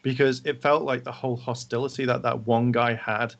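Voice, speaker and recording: A man co-hosting a casual review discussion, animated and quick to act out what characters said. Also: mid-range voice, gravelly. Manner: animated, acts out characters' lines while talking. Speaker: podcast co-host.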